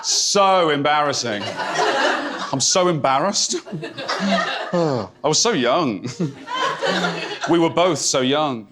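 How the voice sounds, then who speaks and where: Speaking extremely slowly with long pauses, this comedian has a slightly high, animated voice on a very noisy recording. Performing in a theatre before a laughing audience, he comes across as awkward and hesitantly confiding, then erupts without warning.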